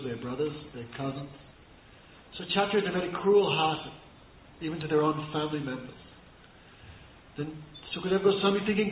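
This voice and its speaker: A man's voice: on the high side, slight background noise. Man teaching scripture over a tinny line. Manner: storytelling, chants verses, laughs softly. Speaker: spiritual teacher. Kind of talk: scripture class lecture. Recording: echoey room over thin phone-like line.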